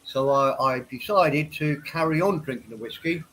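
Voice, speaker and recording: A man's voice: fairly high pitch, moderate pace, a bit bright, slight background noise, low-quality recording. Casual stream host, man, stuffy nose, a bit tipsy, rambling and repeating himself. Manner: rambling, repeats words and restarts often; tipsy after a few whiskeys. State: stuffed up from a head cold. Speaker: livestream host. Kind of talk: casual livestream chat. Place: home office.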